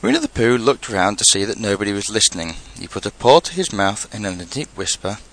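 A man narrates a children's storybook in an unhurried manner. His voice has a gravelly texture and moves through a lively range of pitch, and he drops into quiet asides between the characters' lines. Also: rough recording. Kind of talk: storybook reading.

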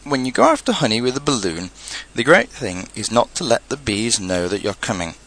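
A man's voice: medium pitch, big pitch swings, a little fast, gravelly, a bit bright, exaggerated voice. A man voicing an earnest, anxious little bear in a storybook reading, musing and solemn. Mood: thoughtful.

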